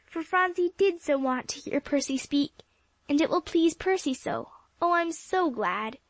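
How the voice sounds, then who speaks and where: A woman's voice: high voice, expressive, measured pace, dry recording, voice pushed up. A woman voicing gushing young girl Polly. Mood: excited. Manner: gushing, exclamatory. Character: excitable warm-hearted girl Polly.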